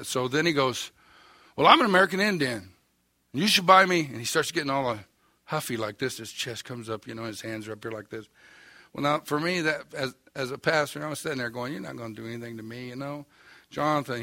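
A man's voice: mid-range voice, bright, forceful tone, no room sound. An older man with an Oklahoma accent preaching a sermon, telling a story in a folksy, wry, self-mocking way. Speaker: pastor.

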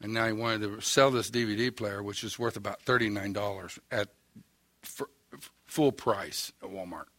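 A man's voice: lowish voice, steady tone, normal speed, a bit bright, no echo. An older man with an Oklahoma accent preaching a sermon, telling a story in a folksy, wry, self-mocking way. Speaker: pastor.

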